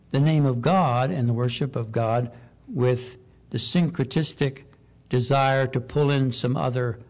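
Guy preaching a sermon, slow and deliberate, gets louder on the big points. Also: mid-range voice. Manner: measured, slows for emphasis, rises on key points.

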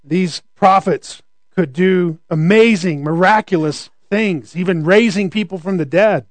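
A man's voice: sits high, measured pace, no echo. A man preaching a conversational sermon, often asking rhetorical questions.

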